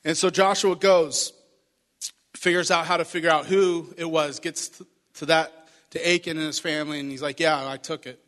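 A pastor preaches a sermon in a reverberant hall, retelling a Bible story and acting out the voices of its figures. His voice is a little high and fairly bright, with little pitch movement and a moderate pace.

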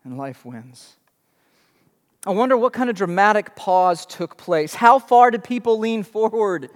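A young adult man preaches a sermon, telling the story dramatically and hammering home rhetorical questions. His high-sitting voice is animated and unhurried. The large hall gives the recording a long reverb.

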